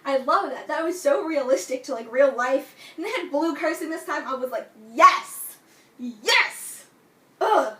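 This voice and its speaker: A young adult woman reviewing a book in casual vlog talk, gushing and excitable, full of "like" and "you know". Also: high voice, fairly quick, few pauses. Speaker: book vlogger. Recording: echoey room, distant from mic.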